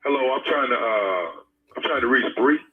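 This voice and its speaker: A man's voice: mid-range voice, animated, normal speed. A man making a prank phone call, talking in a hesitant, stammering, coaxing way. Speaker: radio prank caller. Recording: tinny phone-line sound.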